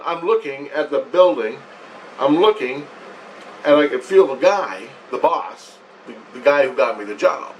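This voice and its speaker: A man telling a rambling personal story at home, profane and excited, acting out what he and others said. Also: medium pitch, distant mic, a little hiss or hum, poor audio. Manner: profane, excited, quotes himself and others animatedly.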